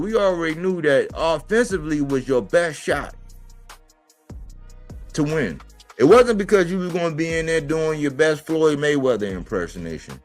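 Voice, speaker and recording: A man hosting a boxing commentary livestream, talking in an emphatic, slangy way and repeating points for stress. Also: on the high side. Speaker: boxing commentator and show host.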